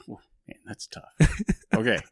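A man's voice: normal speed, fairly bright tone, dry recording, studio quality. A man hosting a podcast in casual chat, joking, self-mocking and rambling. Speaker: podcast host.

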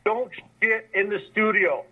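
A man's voice: high voice, fairly even intonation, unhurried, breathy edge. Man on a tinny phone line. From Canada. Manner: teasing, profane, rambling. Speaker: caller. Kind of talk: casual call-in chat.

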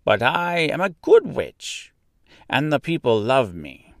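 Brief: gentle old witch lady, read by a man, calm and slow, voice sweeping up and down. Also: medium pitch, creaky, dry recording, clean studio sound, pitched above the performer's own voice, exaggerated voice. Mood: explaining. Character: kindly little old good witch, calm and sure. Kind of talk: storybook reading.

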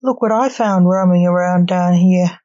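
Woman reading a scolding skeleton reaper, mellow, slow, dull sound. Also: on the low side, close to an everyday voice. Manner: demanding, scolding. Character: bossy skeleton Grim Reaper in monk's robe. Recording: dull lo-fi recording.

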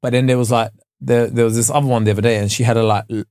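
A man's voice: medium pitch, fairly even intonation, very fast, a little mellow, dry recording, clean studio sound. A young man, co-hosting a podcast in a laid-back storytelling manner. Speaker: podcast co-host. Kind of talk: casual chat.

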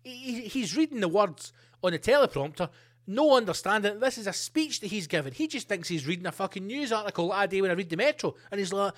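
A man hosting a podcast, ranting comedically with plenty of swearing and animated asides. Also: sits high, fast. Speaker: podcast host. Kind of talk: comedic rant.

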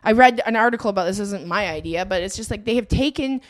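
A woman's voice: medium pitch, fast. A woman co-hosting a comedy podcast, chatty and blunt, laughing often in casual talk. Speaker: podcast co-host.

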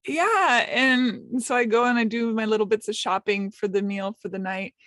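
Speaking at a normal speed, a woman from the United States has a slightly high, fairly bright voice, captured dry with studio quality. She's a podcaster and guest recounting an emotional story about herself, pokes fun at herself, and doesn't hide her feelings. Quoted lines come out in light voices.

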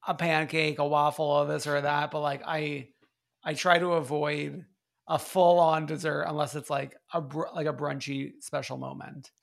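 Giggly man with a gravelly voice. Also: on the high side, normal speed. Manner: laughs often, animated storytelling. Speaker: podcast co-host. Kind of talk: casual chat recapping a reality show.

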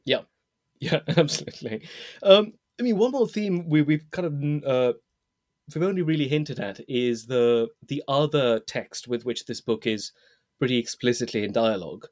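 A man's voice: mid-range voice, moderate pace, darkish tone. Hesitant man discussing a novel. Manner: hesitant, laughing often. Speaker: podcast host. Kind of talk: casual book discussion.

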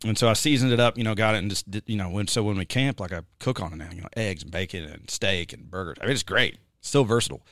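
A man's voice: fairly low pitch, fast, hardly any pauses, fairly bright tone, no echo, clean studio sound. A man hosting a podcast, chatting casually and rambling with lots of fillers and jokes. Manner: rambling, joking, many fillers. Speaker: podcast host. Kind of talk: casual chat.

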